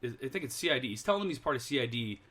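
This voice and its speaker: A man's voice: mid-range voice, lively intonation, rapid-fire, bright, forceful tone. A young man, a podcast guest, in a casual chat telling a rambling story that he keeps correcting and laughing through.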